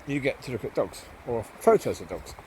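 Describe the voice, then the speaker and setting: Very animated and a little fast, a man with a medium-pitched, darkish, nasal voice rambles through a casual monologue as he walks his dogs in the woods. He uses many ums and calls out to the dogs, with slight background noise present.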